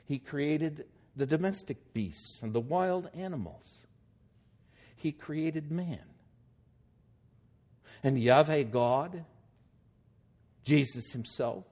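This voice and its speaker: A man's voice: a little high, dark tone. A man preaching a sermon, reading scripture aloud and then explaining it with growing emphasis.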